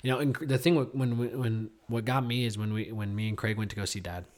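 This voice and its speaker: A man co-hosting a casual talk show, telling a story in a rambling way with lots of fillers and restarts, trailing off quietly at heavy moments. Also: lowish voice, fairly even intonation, fast talker. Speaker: podcast co-host. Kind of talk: casual chat.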